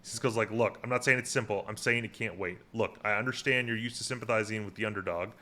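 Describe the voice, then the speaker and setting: A man's voice: lowish voice, steady tone, fast, pushed and bright. A man co-hosting a podcast, recapping an episode in casual chat and paraphrasing the scenes with lots of fillers.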